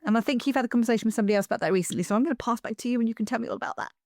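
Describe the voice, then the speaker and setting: A woman hosting a podcast, talking in an emphatic, animated way with quick asides. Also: a little high, dry recording, clean studio sound. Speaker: podcast host. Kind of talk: conversational podcast interview.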